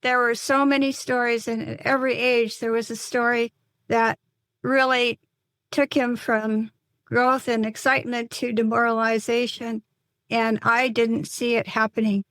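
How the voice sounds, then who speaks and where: An older woman speaks in a slightly high voice, earnest and halting, often restarting her sentences as she recounts a painful story. The recording is dry and close, with no room sound around her. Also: level tone, fairly bright tone, no echo. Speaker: guest, psychotherapist and mother. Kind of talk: emotional personal storytelling in an interview.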